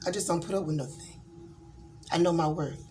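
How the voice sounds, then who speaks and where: A middle-aged woman with a voice set a little low. She talks bluntly and candidly, rambling along with plenty of fillers in a casual vlog, the way a tarot reader chats to her viewers. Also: brisk, a little mellow, faint music behind. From Georgia, USA.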